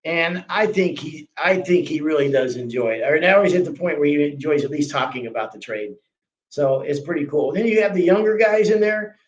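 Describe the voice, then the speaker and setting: A man's voice: fairly high pitch, lively intonation, a little fast, lo-fi sound. A man, a flooring trainer, chatting casually and rambling a bit with restarts. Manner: rambling, many restarts and fillers. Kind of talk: casual chat.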